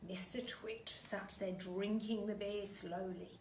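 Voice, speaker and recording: A woman teacher reading a children's story aloud in a slow, expressive storytelling way, recorded at a distance in an echoey room with a faint hum behind. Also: mid-range voice.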